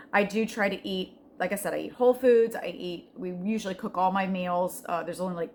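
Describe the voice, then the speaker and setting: A woman's voice: mid-range voice, a little hiss or hum. A middle-aged woman in a casual, encouraging chat, earnest and talkative, often restarting with fillers. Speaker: vlogger sharing a health journey.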